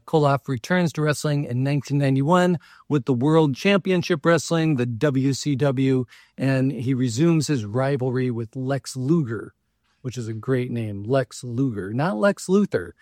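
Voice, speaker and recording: A man's voice: medium pitch, a little mellow, no room sound, clean studio sound. A man giving a casual local history talk, chatty, with many fillers and joking asides.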